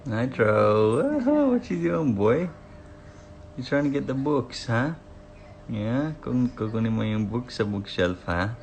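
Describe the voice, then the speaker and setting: A woman's voice: rumbling low, big pitch swings, measured pace, a little mellow. Playful sing-song woman doing baby talk. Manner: sing-song, playful, switches between English and Filipino. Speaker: parent filming her baby. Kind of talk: baby talk in home videos. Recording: noisy home video.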